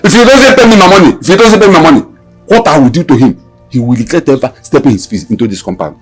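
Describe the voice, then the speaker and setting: A man's voice: a little high, lively intonation, fast, slightly rough, soft background music. An actor with a Nigerian accent playing a stern, threatening landlord and father who barks orders. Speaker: angry landlord, Papa. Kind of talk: Nollywood film acting.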